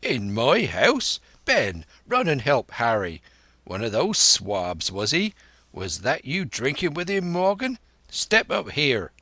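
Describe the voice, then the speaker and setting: A man voicing a wily, blustering one-legged old pirate cook in a slow audiobook reading. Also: medium pitch, wildly swooping pitch, pushed and bright, no room sound, full character voice. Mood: bullying. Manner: bluff, blustering, sly sea talk.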